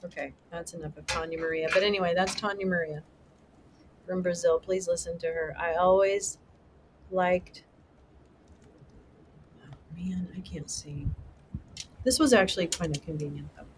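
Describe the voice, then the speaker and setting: This is a middle-aged host chatting live with viewers, excitable and rambling, dropping swears freely. The voice sits at an ordinary, middle pitch. A faint hiss of noise runs behind it. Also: normal speed, long pauses. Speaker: livestream host. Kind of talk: casual livestream chat with viewers.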